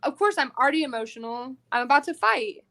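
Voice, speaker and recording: Woman fighter guest, fairly high voice, animated and salty, chatty podcast storytelling. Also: fast. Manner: animated, profane storytelling full of "like". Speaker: bare-knuckle fighter guest. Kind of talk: casual podcast interview.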